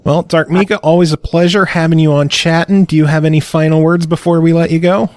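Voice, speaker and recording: A man's voice: a little high, fairly even intonation, brisk, darkish tone, no room sound, studio quality. A man hosting a podcast in casual chat, upbeat and leading the segments. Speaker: podcast host.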